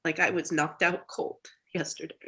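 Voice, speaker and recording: Halting, reflective woman on a video call. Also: low-pitched, little pitch movement, pushed and bright, breathy edge, poor audio. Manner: halting, reflective, many restarts. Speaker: therapy client. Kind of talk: candid personal talk.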